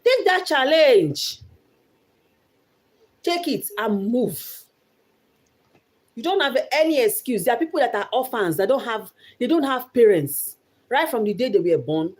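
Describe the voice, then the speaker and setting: A woman's voice: fairly high pitch, warm tone. A young Nigerian woman giving an earnest motivational talk about her life, repeating phrases for emphasis. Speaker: vlogger.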